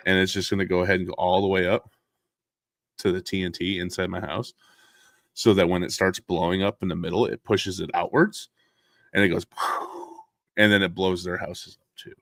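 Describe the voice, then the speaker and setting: A man's voice: sits low, brisk, no room sound, clean studio sound. A man hosting a casual podcast. He jokes around, laughs often and swears freely. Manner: loud bursts and laughter inside relaxed talk. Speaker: podcast host.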